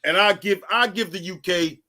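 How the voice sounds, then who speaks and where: A man's voice: high-pitched, normal speed, pushed and bright. A man co-hosting a boxing talk show in easygoing casual chat. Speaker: co-host.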